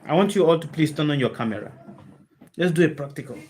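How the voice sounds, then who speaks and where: A woman with a deep, low voice gives a spiritual talk to a group on a video call. She speaks with emphasis, keeps asking her listeners rhetorical questions and repeats her key phrases to drive them home. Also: lively intonation, fast, darkish tone, slight background noise. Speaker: spiritual teacher.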